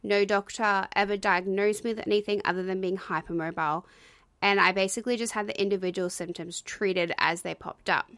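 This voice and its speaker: A woman in her twenties hosting a solo podcast, talking fast and casually with fillers, slightly out of breath. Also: medium pitch, steady tone, a bit bright, no room sound. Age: 20s. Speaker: podcast host.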